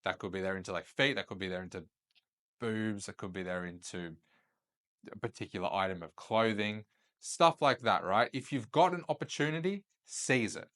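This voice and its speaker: A man's voice: lowish voice, moderate pace, fairly bright tone. A young man hosting a casual instructional video, talking loosely and often checking in with "right?" after each point. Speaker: host and chat-sales coach. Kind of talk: casual instructional talk to camera.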